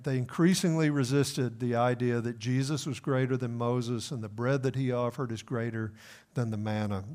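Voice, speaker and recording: A male pastor preaching an earnest sermon, slowing for emphasis and sometimes repeating words as he goes. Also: medium pitch.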